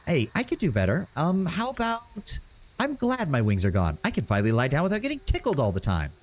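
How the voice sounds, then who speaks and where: A man voicing a playful young winged woman in a game, raising his voice higher to play her. She jokes at her own expense in a giggly, teasing way. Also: huge pitch swings, a little fast, a little hiss or hum. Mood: joking. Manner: self-mocking, giggly and teasing.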